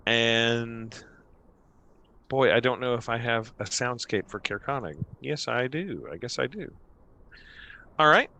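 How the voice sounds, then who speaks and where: A man's voice: medium pitch, measured pace, pushed and bright. A man narrating a tabletop game as game master, meandering with many fillers.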